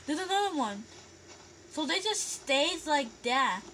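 High, excitable gaming vlogger woman. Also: slow, slight background noise. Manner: excitable, gasping, squealing reactions. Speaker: gameplay vlogger. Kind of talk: live game commentary.

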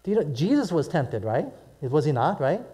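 A man's voice: fairly high pitch, sing-song, normal speed, warm tone. A middle-aged male pastor preaching to a live congregation, telling stories animatedly and asking "right?" and "amen?" often. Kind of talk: sermon.

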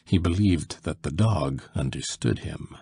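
Gravelly deep-voiced male audiobook narrator. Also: warm tone, no room sound, studio quality. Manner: measured, dramatic storytelling. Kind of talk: scripted narration of a classic story.

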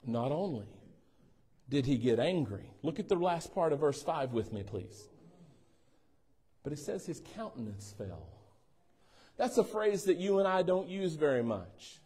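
A man's voice: fairly high pitch, very animated, unhurried, pauses often, mellow, husky. A male pastor preaching a sermon in a church, teasing and checking in with the congregation. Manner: playful, teasing asides, asks congregation for responses. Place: church sanctuary.

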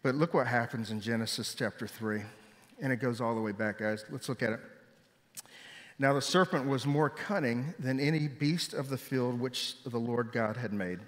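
A man preaching a sermon, telling stories with lively delivery and raising his voice when he quotes people. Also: medium pitch, normal speed. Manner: animated storytelling, voice jumping up for quoted shouts. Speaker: pastor. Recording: long hall reverb.

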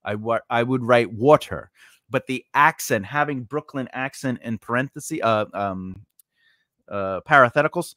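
A man's voice: medium pitch, unhurried, no echo, studio quality. A man teaching writing in a casual lesson, rambling through tangents with many fillers and restarts. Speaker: writing podcast host.

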